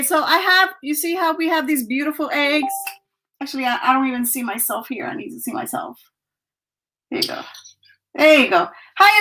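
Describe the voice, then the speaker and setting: A woman's voice: high-pitched, pushed and bright, slight background noise. A woman on a video call, showing her handmade clay pieces in a chatty, breathless way with little laughs. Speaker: guest artisan. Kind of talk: casual show-and-tell.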